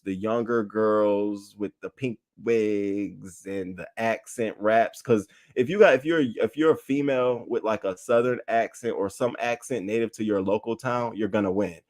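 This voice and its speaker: A man giving casual, slangy news commentary to his chat, animated and reading tweets aloud. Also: lowish voice. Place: home setup, talking to chat.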